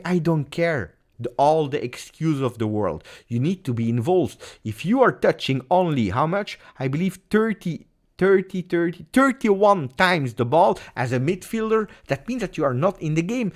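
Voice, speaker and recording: Heated football host. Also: male voice, a little high. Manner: heated, emphatic, repeats phrases for stress. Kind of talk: live post-match reaction stream.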